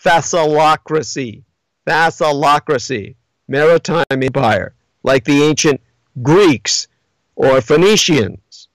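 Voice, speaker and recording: A man hosting a livestream, lecturing in a monologue with emphatic, theatrical swings in pitch, spelling out names as he goes. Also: animated, slow, no echo, poor audio. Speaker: livestream host.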